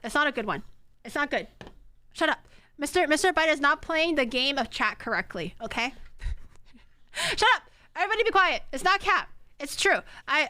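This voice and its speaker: Bright, high-voiced young woman streamer. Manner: playful, teasing, bursts into laughter. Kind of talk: casual live-stream chat while cooking. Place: home kitchen.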